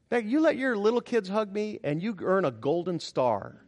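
A middle-aged man preaching a sermon as a pastor, emphatic and expressive, moving between loud exclamations and quiet reflection. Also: sits high, moderate pace.

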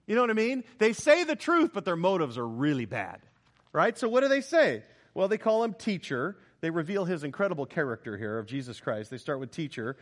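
A man preaching a sermon, emphatic and animated, asking the congregation rhetorical questions as he explains a Bible passage. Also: fairly high pitch, a little fast. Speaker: pastor.

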